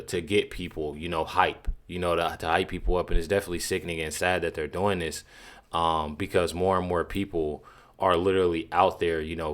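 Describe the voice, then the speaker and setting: A young man hosting casual reaction commentary, full of fillers and repeating himself. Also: low voice. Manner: repetitive, lots of "you know" fillers. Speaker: commentary channel host.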